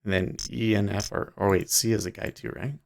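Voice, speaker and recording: A man's voice: on the low side, steady tone, gravelly, darkish tone. A man hosting a livestream in casual chat, rambling and breaking off mid-sentence, often laughing. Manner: rambling, self-interrupting, quick to laugh. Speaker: livestream host.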